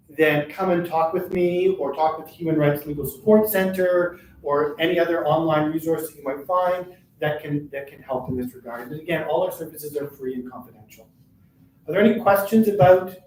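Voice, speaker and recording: An older man giving a live workshop talk, who talks fast and keeps checking in with "right?". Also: fairly high pitch, darkish tone. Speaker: workshop presenter for a workers' advocacy centre. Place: meeting room at a chamber of commerce. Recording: roomy, distant, faint noise.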